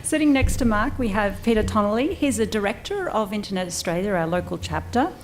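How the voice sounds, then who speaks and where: A woman moderates a panel in a room with an audience. She works through the introductions briskly, slipping in small jokes. Her pitch sits mid-range, and a faint hum runs under the sound. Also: animated. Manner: brisk, lightly joking while introducing panelists.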